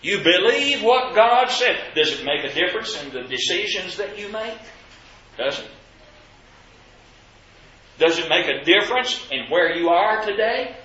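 A man's voice: high voice, expressive, normal speed, pauses often, pushed and bright, echoey room, lo-fi sound. A man preaching a sermon to his congregation, asking rhetorical questions with emphasis.

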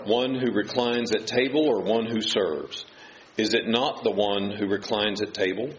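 A man with a low voice reads scripture aloud in a steady, formal way. The recording is dull and lo-fi, with faint noise under it. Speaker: scripture reader. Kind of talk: reading scripture aloud in church.

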